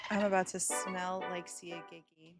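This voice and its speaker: A woman's voice: fairly low pitch, level tone, a little slow, over loud music. A woman gaming streamer chatting casually on a close mic, giggly and rambling. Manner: giggly, rambling, self-mocking. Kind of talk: casual live stream chat. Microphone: close to the mouth.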